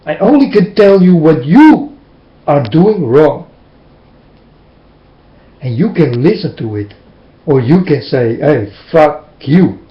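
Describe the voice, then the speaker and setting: A man's voice: a little high, expressive, slow pace, pauses often. A man delivering a preachy, scolding monologue to his listeners, with emphatic, plain and slightly non-standard phrasing. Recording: roomy, dull lo-fi recording.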